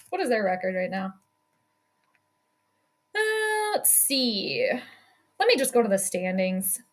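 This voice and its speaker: High, bright-voiced woman calling a game. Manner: chatty, laughs often, reads chat aloud. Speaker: sports streamer doing live game commentary. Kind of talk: casual live play-by-play commentary.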